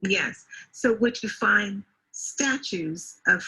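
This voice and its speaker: A woman's voice: mid-range voice, slow, bright, forceful tone, slightly rough, rough recording. A woman teaching a one-to-one online English lesson over a video call, patiently explaining word meanings. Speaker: English tutor.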